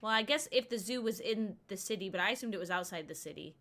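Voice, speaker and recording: A chatty woman streamer talking her way through a game, her voice bright and forward. She rambles through side stories and laughs often as she goes. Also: mid-range voice, expressive, fast talker. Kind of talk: casual gameplay commentary.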